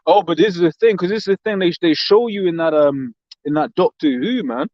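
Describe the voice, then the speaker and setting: A man's voice: sits high, brisk, no room sound, muffled recording. A man with a London accent in a casual religious discussion, talking animatedly with many restarts and reading scripture aloud. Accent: London English. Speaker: co-host.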